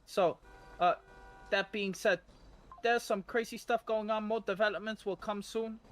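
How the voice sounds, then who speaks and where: Man as a bumbling field reporter, high-pitched, halting, full of fillers. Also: steady tone, fairly bright tone. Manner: halting, filler-heavy questioning.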